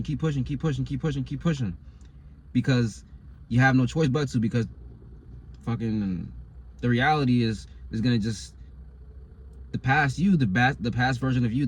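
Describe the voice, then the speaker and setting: A man's voice: mid-range voice, slight background noise. A man delivering a motivational monologue as a coach, insistent and slangy, repeating his phrases over and over.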